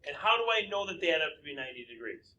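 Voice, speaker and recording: A man's voice: on the high side, sing-song, racing, pushed and bright, highs cut off, a little hiss or hum. A man teaching a recorded math lesson, working through problems step by step and asking himself questions aloud before answering them.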